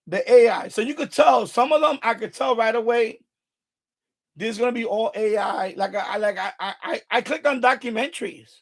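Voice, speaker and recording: A man from Puerto Rico hosts a live stream and talks casually at a desk mic. His voice sits high for a man, with a gravelly edge running through it. He gets animated and profane, piling up restarts and swearing as he goes. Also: moderate pace. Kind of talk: casual chat.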